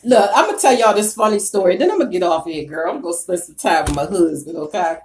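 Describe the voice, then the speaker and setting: A woman hosting a casual live stream, reading the chat and ranting bluntly, with heavy cursing and bursts of loud laughter. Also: on the low side, quick pace, a little hiss or hum. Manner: profane, blunt and animated.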